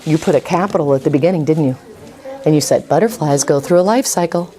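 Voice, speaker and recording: A middle-aged woman teaching first graders to write, brisk and coaxing, repeating her prompts. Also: low-pitched, a crowd in the background. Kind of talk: classroom writing lesson. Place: classroom.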